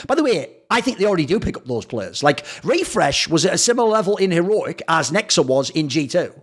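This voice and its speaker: A man's voice: sits high, a bit bright, husky. A man hosting a show, ranting in a sarcastic, profane, mocking commentary. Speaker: esports commentator and show host.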